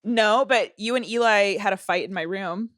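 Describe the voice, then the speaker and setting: A young woman co-hosting a podcast in casual chat, sarcastic and quick to laugh. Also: medium pitch, no echo, studio quality. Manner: sarcastic, laughs often, animated. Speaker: podcast co-host.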